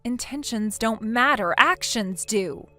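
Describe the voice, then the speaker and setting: A woman voicing a blunt female friend who lectures a cheater in a text story, in a somewhat high voice. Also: expressive, takes it slowly, pushed and bright, exaggerated voice. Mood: stern.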